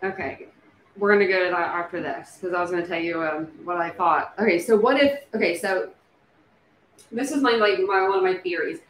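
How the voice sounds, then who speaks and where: A woman hosting a casual livestream, thinking out loud with many fillers and restarts. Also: lowish voice, a little fast. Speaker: true crime livestream host. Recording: echoey room with faint background noise.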